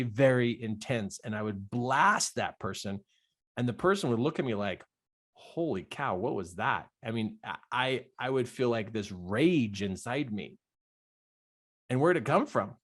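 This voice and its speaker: A middle-aged man of middle pitch, a life coach telling a story from his own life. He talks with energy and acts out every line of dialogue, his voice jumping up high for the quoted parts and dropping low and quiet for the reflective ones.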